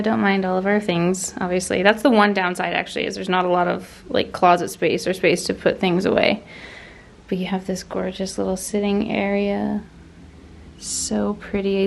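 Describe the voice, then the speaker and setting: A woman's voice: mid-range voice, creaky, darkish tone. A woman chatting casually in a travel vlog, gushing and bubbly, laughing often. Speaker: travel vlogger. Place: hotel room and city streets. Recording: background noise and ambience.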